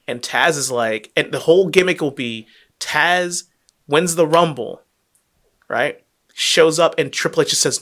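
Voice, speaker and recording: A man co-hosting a podcast, telling a story with excitement and plenty of swearing in casual chat. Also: on the high side, measured pace. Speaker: podcast co-host.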